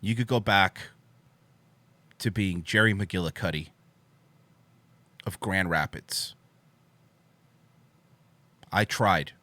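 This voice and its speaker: A man hosting a livestream, giving a deadpan, mock-solemn monologue from a home setup in front of a green screen. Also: sits low, slow, long pauses, no echo. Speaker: livestream host.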